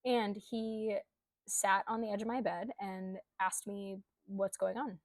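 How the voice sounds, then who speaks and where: A woman's voice: mid-range voice, little pitch movement, slow pace, no room sound. A young adult woman telling a personal story in a candid, conversational way, with frequent ums and likes. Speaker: coach.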